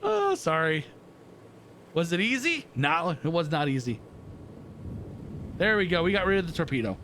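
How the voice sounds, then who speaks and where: Excitable man narrating his own gameplay. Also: a little high, moderate pace, slight background noise. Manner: excitable, reacting aloud while playing. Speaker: gaming channel host. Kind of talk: casual game commentary.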